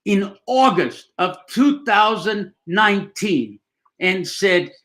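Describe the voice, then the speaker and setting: A man's voice: high-pitched, lively intonation, slow, fairly bright tone. An older man, an actor, chatting casually and telling rambling, joking stories. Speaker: actor guest. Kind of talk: casual live chat.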